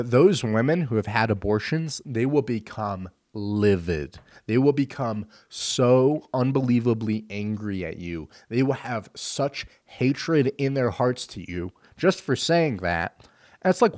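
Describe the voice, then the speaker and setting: A man delivering an opinion monologue, forceful and full of rhetorical questions. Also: lowish voice, no echo, studio quality. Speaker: commentator.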